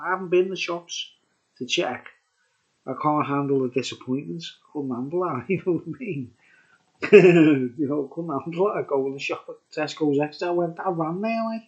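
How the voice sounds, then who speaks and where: A man's voice: a little high, highs cut off. A man with a Birkenhead Scouse accent, rambling through a casual beer review vlog and often saying "you know what I mean". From Birkenhead, England.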